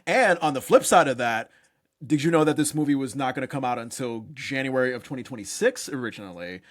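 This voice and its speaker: Brief: male podcast host, mid-pitched, animated and cussing, quick to laugh. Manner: animated, profane, laughs often. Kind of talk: casual chat.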